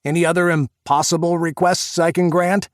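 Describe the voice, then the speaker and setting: A man's voice: a little high, measured pace, dry recording, studio quality, voice pushed up, close to an everyday voice. A man voicing a sardonic, brash male colleague who speaks in a wry, raised voice. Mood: sarcastic.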